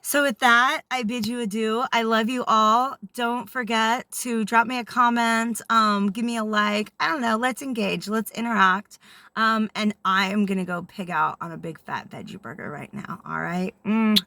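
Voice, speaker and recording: Woman, spiritual channeler, bright forceful tone, dry close sound, keeps asking "okay?". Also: a little high, moderate pace, no room sound. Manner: checks in often with "okay?". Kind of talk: casual spiritual talk to camera.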